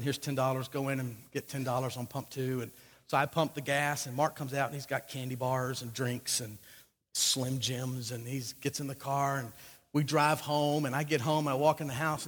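A man's voice: mid-range voice, big-room sound. A man preaching a sermon, telling a joking personal story between scripture readings. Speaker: pastor.

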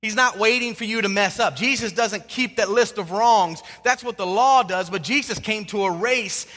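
Bright-voiced pastor preaching in an echoing hall. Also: male voice, high voice, moderate pace. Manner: dynamic, swings from loud emphasis to hushed tones. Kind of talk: sermon. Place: church sanctuary with a congregation. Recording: long hall reverb.

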